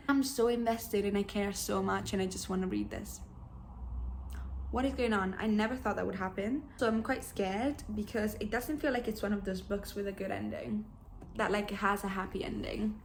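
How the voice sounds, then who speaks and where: A young woman in her twenties chatting casually about books she is reading, animated and openly emotional. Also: medium pitch, a little hiss or hum. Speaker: book vlogger. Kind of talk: casual chat.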